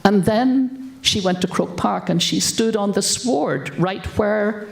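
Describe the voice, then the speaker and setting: A woman's voice: mid-range voice, slow pace, gravelly. Emphatic older Irish woman in a roomy hall. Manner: emphatic, repeats words for stress. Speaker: keynote speaker. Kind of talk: storytelling keynote speech. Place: conference hall. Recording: roomy conference hall sound.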